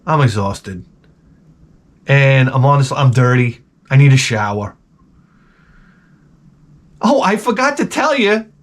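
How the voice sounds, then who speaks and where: A man telling a story in a casual vlog rant, animated and profane with many restarts. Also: mid-range voice, takes it slowly, long pauses. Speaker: vlogger.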